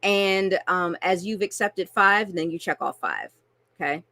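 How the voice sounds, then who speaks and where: A woman's voice: on the low side, unhurried, sharp tone, no room sound. Chatty woman coaching with constant check-ins. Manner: chatty, frequent "right?" and "okay?" check-ins. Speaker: online marketing coach. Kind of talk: screen-share tutorial.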